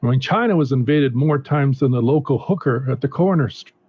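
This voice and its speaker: A man doing a stand-up comedy routine with a deadpan, unhurried delivery and hesitant fillers, on a dull lo-fi recording. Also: mid-range voice, husky, dry recording.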